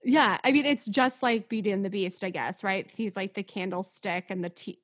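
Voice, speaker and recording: A woman's voice: mid-range voice, moderate pace. A young woman chatting casually about a movie, laughing often, using lots of fillers and a sarcastic edge. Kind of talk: casual movie review chat.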